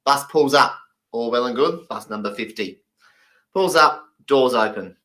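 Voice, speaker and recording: A man telling comic stories in a lively way, acting out the people in them. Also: mid-range voice, a little slow. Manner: animated, acts out the people in his stories. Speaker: comedian. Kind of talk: comedic storytelling.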